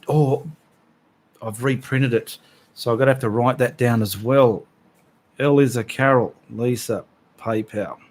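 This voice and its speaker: A man's voice: medium pitch, a little mellow. A man hosting a live art stream, chatting casually and reading out viewers' names with friendly asides.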